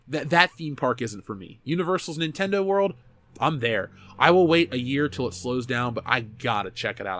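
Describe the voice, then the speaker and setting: A man in his thirties hosting a loose, unscripted talk show and answering his viewers' comments. His delivery is animated and peppered with swearing, with frequent restarts as he corrects himself. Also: medium pitch. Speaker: show host reading live chat. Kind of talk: casual chat.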